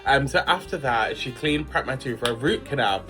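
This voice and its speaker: A man's voice: mid-range voice, expressive, normal speed, bright, forceful tone, faint music behind. A man, chatting casually in a slangy, dramatic storytime vlog. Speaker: vlogger.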